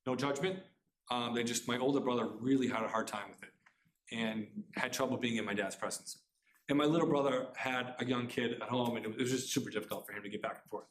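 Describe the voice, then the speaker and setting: A middle-aged man telling a personal family story to a live audience, talking fast and earnestly, often restarting his sentences. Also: mid-range voice, steady tone, a little hiss or hum. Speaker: author giving a talk. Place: community center room. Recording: roomy hall sound.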